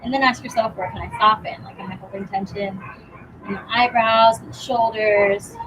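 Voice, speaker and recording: A young woman teaching a yoga class outdoors, giving calm, encouraging cues with casual fillers, a bit out of breath. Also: mid-range voice, moderate pace, noisy background. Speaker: yoga instructor. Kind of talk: guided yoga class instruction.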